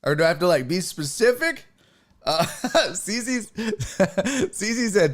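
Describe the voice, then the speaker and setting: A man's voice: high voice, very animated, slow pace, long pauses. A man from Houston, hosting a sports livestream and chatting loosely with viewers, swearing freely and using lots of fillers. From Houston, Texas. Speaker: sports show host. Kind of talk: casual livestream chat reading the chat.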